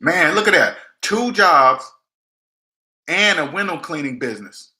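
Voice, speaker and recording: An emphatic man talks through money advice in a loose, chatty way, hammering his points home. His voice is bright and sits a little high. The room around him sounds echoey. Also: animated, a little slow. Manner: emphatic, blunt, repeats himself, acts out quoted people. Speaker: debt advice vlogger. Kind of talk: casual live-stream advice talk.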